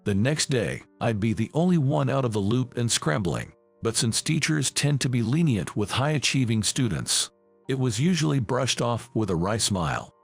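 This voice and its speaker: Male narrator, gravelly and husky, animated pitch, calm measured delivery, soft music underneath. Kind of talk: first-person story narration. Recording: faint background music.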